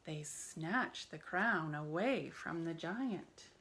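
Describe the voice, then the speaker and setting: A woman leading a church family program, reading a children's story aloud in an expressive storytelling manner. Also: low voice, slow pace.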